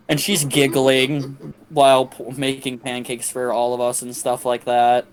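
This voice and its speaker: A man's voice: medium pitch, level tone, measured pace. A young man streaming a game, telling a long crude story in a casual, profane, rambling way with many restarts.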